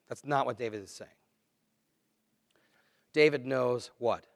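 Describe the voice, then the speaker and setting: A man preaching a sermon, earnest and conversational, swinging between quiet, low asides and louder, emphatic lines. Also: expressive, moderate pace, gravelly, pauses often, no echo, studio quality. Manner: earnest, conversational preaching with dramatic dips and swells. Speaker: pastor.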